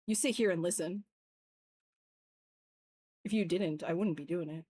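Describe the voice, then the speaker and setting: A woman's voice: on the low side, moderate pace, long pauses, darkish tone. A woman livestreaming as she sculpts, giving tips and chatting casually with viewers, jokey and swearing freely. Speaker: livestreamer sculpting digital art. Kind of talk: casual chat while demonstrating software.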